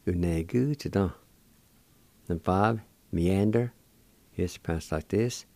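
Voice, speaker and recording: A man's voice: deep voice, moderate pace, long pauses, warm tone, no echo. A man hosting a radio language lesson, spelling out words and repeating them syllable by syllable. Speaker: radio host teaching words.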